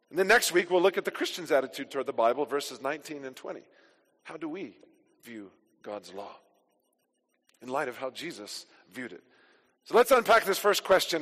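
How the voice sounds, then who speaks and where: A high-voiced male pastor delivers an emphatic sermon, driving his points home with forceful declarations. His voice carries a long reverb, as if filling a church sanctuary. He keeps teaching steadily between the emphatic peaks.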